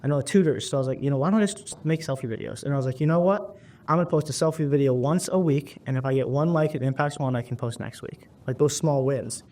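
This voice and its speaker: A man's voice: medium pitch, quick pace, a little mellow. A young man, a motivational speaker, talking earnestly in an interview and telling personal stories with lots of casual fillers. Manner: earnest, emphatic, storytelling with many "like" fillers. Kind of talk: interview, then stage speech clip.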